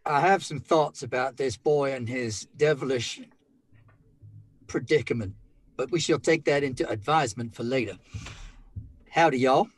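A man's voice: medium pitch, normal speed, pauses often, slightly rough, natural voice. A man voicing a pious frontier preacher with folksy, old-fashioned phrasing.

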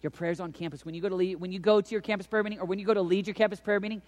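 A man in his thirties delivers a sermon with a fairly high voice. He moves between hushed, almost whispered passages and loud, shouted cries. His voice carries a long reverb from a large hall. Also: fairly even intonation, racing. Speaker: preacher.

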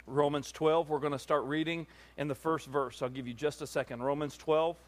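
A male pastor with a slightly high voice, speaking at normal speed, gives a Sunday sermon. He starts with relaxed, conversational asides full of fillers, then builds with rising intensity into fervent preaching that calls on the congregation to respond.

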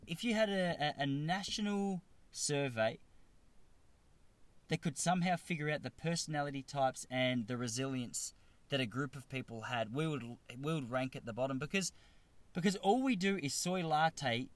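Australian guy, thirties, comedic monologue, animated pitch, dry close sound, self-deprecating ramble. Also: no echo. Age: 30s.

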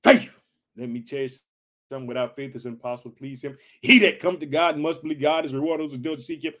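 A man reading scripture aloud and breaking off into fervent, exclamatory preaching, swinging between loud bursts and soft asides. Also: mid-range voice, fast. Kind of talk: Bible reading with fervent commentary.

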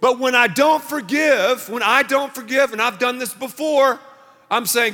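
A man preaching a sermon as pastor, punchy and animated, leading the crowd in call-and-response. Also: very high voice, unhurried. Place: large church auditorium. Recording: long reverb of a large hall.

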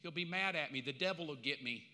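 A middle-aged man preaching a sermon as pastor, impassioned and conversational, with dramatic pauses. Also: a little high, sharp tone, in a large hall. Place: church sanctuary.

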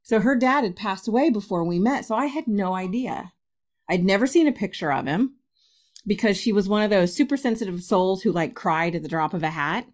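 Animated woman telling a story, laughing often. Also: medium pitch, brisk. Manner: laughs often, acts out quoted voices. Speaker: spiritualist medium, podcast guest.

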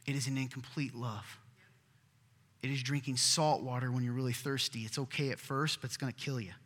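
A man's voice: mid-range voice, steady tone, fairly quick. Emphatic male pastor preaching in a hall. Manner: earnest, emphatic preaching with sudden drops to a hush. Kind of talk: sermon. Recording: hall reverb.

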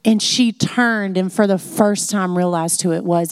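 A woman teaching a conversational Bible lesson in a chatty, animated way, full of "like" fillers. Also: fairly low pitch, moderate pace, no room sound, studio quality.

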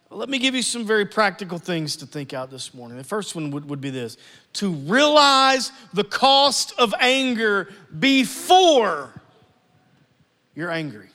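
A man preaching a sermon to his church, animated and acting out family scenes. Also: very high-pitched, a little slow, in a large hall. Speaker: pastor.

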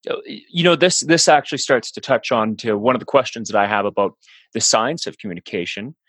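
A man hosts an interview, responding to his guest and asking questions. His speech is casual, with frequent restarts. The recording is close and dry, with a voice of middling pitch. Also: a bit bright, husky, dry recording. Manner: conversational, halting restarts. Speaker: podcast host. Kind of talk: podcast interview.

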